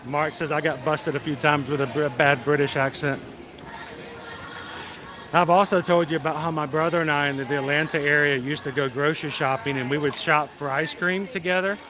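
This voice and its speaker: A man's voice: fairly high pitch, fairly even intonation, moderate pace. A man hosting a casual livestream from a busy theme park, chatting, greeting viewers by name and laughing easily. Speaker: livestream host. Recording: loud crowd noise outdoors. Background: crowd chatter.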